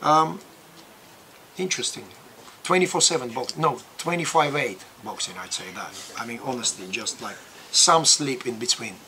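A man's voice: medium pitch, normal speed, a little hiss or hum. A man in his forties with a Russian accent, talking loosely and animatedly as a boxing promoter being interviewed. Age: 40s. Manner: animated, laughs often, loud voice. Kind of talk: casual interview.

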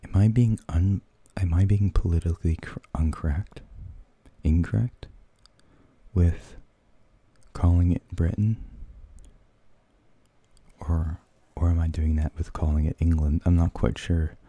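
Very deep-voiced soft-spoken man. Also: unhurried, pauses often, no room sound. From United States. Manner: soft, hesitant, half-whispered, searching for words. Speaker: ASMR channel host. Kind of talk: soft-spoken ASMR rambling.

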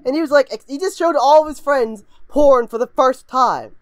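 A woman hosting a reaction video, reading aloud haltingly, giggling and breaking into shrieking laughter and goofy voices. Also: sits high, dry recording. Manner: frequently puts on goofy voices of kids. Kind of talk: casual reaction commentary.

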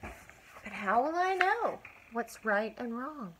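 An older woman doing a high-pitched wooden puppet boy. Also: very animated, slow, fairly bright tone, slight background noise, exaggerated voice. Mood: childlike pleading.

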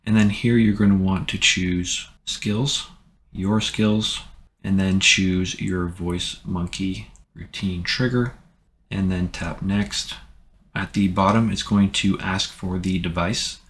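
A man hosting a tech tutorial, giving relaxed, plain step-by-step instructions in a casual way. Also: low-pitched, slow pace.

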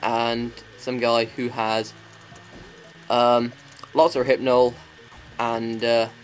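A man's voice: mid-range voice, completely flat delivery, drawn-out words. A man giving crude, sarcastic commentary while playing a video game. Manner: crude, sweary, sarcastic ranting. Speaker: let's play commentator.

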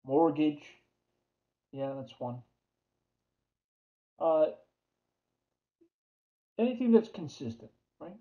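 A man's voice: a little high, sing-song, slow, long pauses, dark tone. A man with a New York accent giving a chatty accounting lecture, repeating key terms and putting questions to the class. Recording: dull lo-fi lecture audio.

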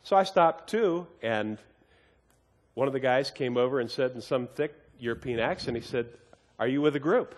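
A man's voice: mid-range voice, normal speed, long reverb tail. A man teaching a Bible study as a sermon, earnest and emphatic, often repeating and restarting his words as he tells a story.

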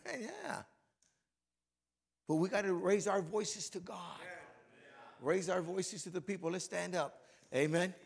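A hoarse middle-aged pastor whose gravelly, somewhat high voice moves between easy conversational preaching and fervent prayer. His voice is worn rough from yelling. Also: animated, slow pace, pauses often. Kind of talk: sermon and closing prayer at a men's breakfast.

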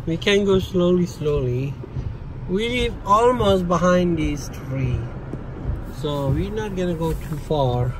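A man's voice: high-pitched, expressive, slow. Soothing father filming on a phone. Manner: soothing, coaxing, repeats short phrases. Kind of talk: casual talk to his toddler. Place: in a car, then outdoors in snow. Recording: loud background noise.

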